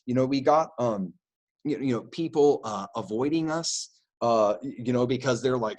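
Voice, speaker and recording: A man's voice: medium pitch, normal speed, a little mellow. A man preaching an informal sermon, talking conversationally with many fillers and restarts and briefly acting out the people he quotes.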